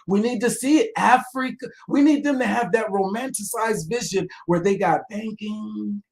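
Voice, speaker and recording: A man hosting a livestream and reacting to clips, talking in a loud, profane, animated way that swings between muttering and shouting. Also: high voice, normal speed, creaky.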